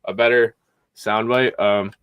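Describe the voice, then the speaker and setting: A young man hosting a podcast from a home music room, chatting casually in a rambling, excitable way and swearing a lot. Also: lowish voice, unhurried, dull audio, noisy background. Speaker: podcast host. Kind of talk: casual chat.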